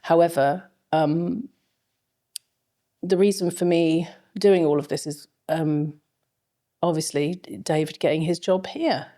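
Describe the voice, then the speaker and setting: A woman's voice: fairly low pitch, steady tone, slow pace, warm tone. A middle-aged woman, a fashion film lecturer, telling long rambling stories with many fillers as an interview guest. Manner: rambling anecdotal storytelling with frequent fillers. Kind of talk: casual interview chat.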